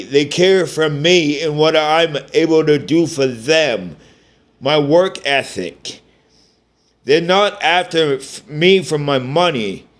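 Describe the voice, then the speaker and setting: Slow, rambling, profane man ranting. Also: fairly high pitch. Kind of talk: angry personal rant.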